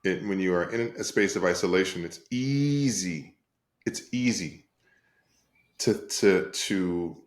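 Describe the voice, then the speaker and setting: A man telling his own story as an interview guest on a video call, animated and repetitive, often laughing. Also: low voice, slow, roomy sound. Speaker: guest, coach and speaker.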